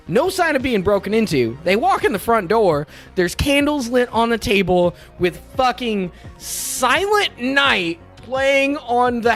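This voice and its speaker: A young adult man co-hosting a podcast, ranting in casual chat and swearing freely. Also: sits high. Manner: profane, animated ranting. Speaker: podcast co-host.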